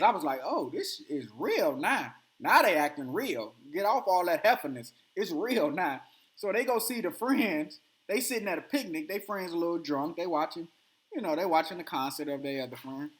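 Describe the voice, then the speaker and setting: A man hosting a podcast, telling a story in casual chat and acting out the quotes with animated energy. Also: sits high, moderate pace. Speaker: podcast host.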